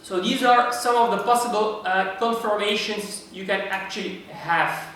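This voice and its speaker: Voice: mid-range voice, normal speed, a bit bright, very echoey, far from the mic, slight background noise, low-quality recording. A lecturer giving a university lecture, explaining step by step and asking the class rhetorical questions.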